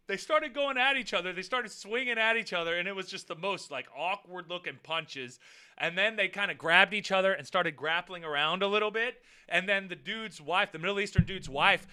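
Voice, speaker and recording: Man, vlogger; high, smooth voice; profane, animated storyteller. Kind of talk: casual storytelling vlog.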